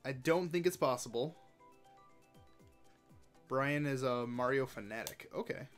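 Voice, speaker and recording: A man hosting a live racing game stream, chatty and excitable, talking to chat and to his cat at home. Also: measured pace, soft background music. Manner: excitable, chatty, bursts into high-pitched baby talk with his cat. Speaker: livestream host. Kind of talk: live gameplay commentary.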